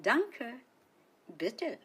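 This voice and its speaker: A woman leads a radio language lesson in a bright, sing-song teaching voice. She speaks very slowly and draws out each word for listeners to repeat. Her pitch swoops up and down in a lively way. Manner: cheerful, sing-song teaching delivery with drawn-out repetitions. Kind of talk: slow, clearly enunciated language lesson.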